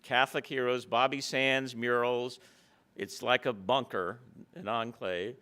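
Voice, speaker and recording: Smooth-voiced male lecturer telling stories. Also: mid-range voice, fairly even intonation, unhurried, sharp tone. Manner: anecdotal, storytelling. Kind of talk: public lecture.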